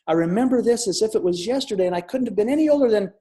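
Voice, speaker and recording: A middle-aged man telling a personal story in an earnest, reflective way, with restarts and soft drops in volume. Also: high-pitched, lively intonation, racing. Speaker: speaker sharing a near-death experience. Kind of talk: personal storytelling talk with audience questions. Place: online summit talk.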